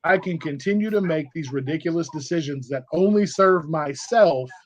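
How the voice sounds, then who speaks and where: A man's voice: fairly high pitch, moderate pace. A man in his forties, a podcast guest telling his story in a frank, emphatic, conversational way. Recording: dull lo-fi audio with faint noise.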